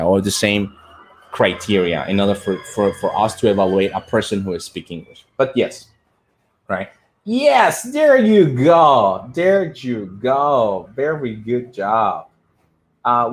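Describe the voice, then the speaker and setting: Lively man teaching English on a live stream. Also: lowish voice. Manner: lively, repeats words, reads out viewer comments.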